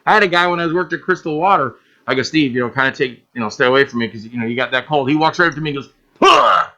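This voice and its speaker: A man chatting casually in an interview, telling animated stories about making films, acting out quotes and swearing freely. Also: medium pitch, rapid-fire. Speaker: guest filmmaker.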